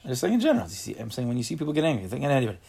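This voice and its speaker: A man teaches a casual Torah class, reading a text and then explaining it in plain words. His voice is gravelly and a little husky. He acts out angry everyday voices and keeps putting questions to the class. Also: mid-range voice, huge pitch swings, very fast, darkish tone.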